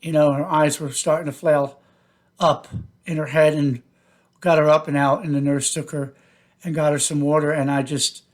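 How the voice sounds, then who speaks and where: A man hosting his own podcast, telling a personal story in a halting way with many fillers and restarts. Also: on the high side, little pitch movement. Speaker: podcast host.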